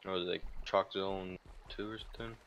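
A man's voice: low-pitched, fairly even intonation, a little fast, fairly bright tone. A man playing a game alongside the streamer, tossing in laid-back, short reactions. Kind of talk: casual gaming chat.

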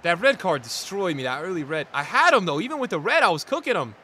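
A man streaming a football video game, talking to his chat in slangy, repetitive commentary that jumps from shouting at the referee to low muttering. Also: sing-song, fast talker, slight background noise. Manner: swings between shouted outbursts and low muttering; slangy, repeats himself. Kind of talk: live gameplay commentary.

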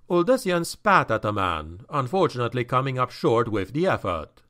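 A man narrating a dark fantasy novel in a slow, dramatic and expressive audiobook reading. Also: mid-range voice.

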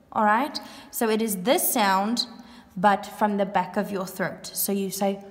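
A woman's voice: mid-range voice, measured pace, big-room sound. A woman teacher, patiently demonstrating and repeating sounds in a recorded lesson.

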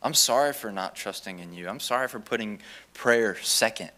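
Young man with a bright, forceful voice. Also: on the low side, moderate pace. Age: young adult. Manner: animated, acts out quoted dialogue. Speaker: student giving testimony. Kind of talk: chapel testimony storytelling.

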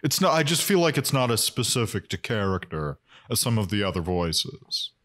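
A man's voice: lowish voice, sing-song, normal speed, a bit bright. A young man co-hosting a podcast, recapping an episode in casual chat with hesitant restarts and dry jokes. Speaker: podcast co-host.

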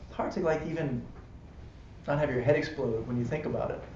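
A man's voice: medium pitch, brisk, darkish tone. A man teaching a casual Buddhist class, chatty and laughing often, checking in with "right?" and "you know". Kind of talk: casual dharma class lecture. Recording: echoey room, dull live-stream audio with faint hiss.

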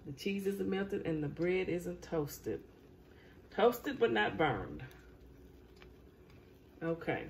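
A woman's voice: on the low side, big pitch swings, slow, long pauses, darkish tone. Woman with southern accent, casual cooking chat, chatty and self-laughing, noisy kitchen recording. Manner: chatty, laughs at herself, sings greeting. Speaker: cooking show host. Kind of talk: casual mukbang cooking vlog.

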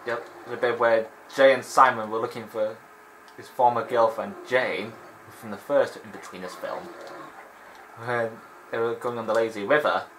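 A man's voice: medium pitch, steady tone, normal speed, fairly bright tone, a little hiss or hum, poor audio. A man hosting a let's play, chatting in a rambling, digressive way and laughing often while he plays. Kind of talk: rambling gameplay commentary.

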